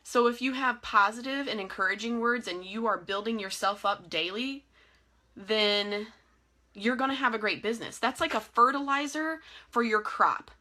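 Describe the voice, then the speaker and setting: A young woman giving a casual, encouraging live motivational talk to her team over a webcam. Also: fairly high pitch. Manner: energetic, encouraging, chatty with frequent laughs. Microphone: phone or webcam in a live video.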